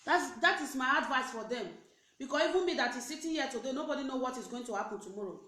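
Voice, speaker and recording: Nigerian woman, young, higher voice, animated preachy rant, pidgin and english, echoey room. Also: quick pace. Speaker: network marketing recruiter. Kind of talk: motivational live video rant.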